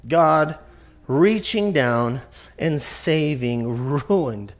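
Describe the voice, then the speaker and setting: A man preaching an expository sermon, emphatic and repetitive, slowing down to stress the scripture he quotes. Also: a little high, animated. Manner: emphatic, repeats key phrases, slows to stress scripture.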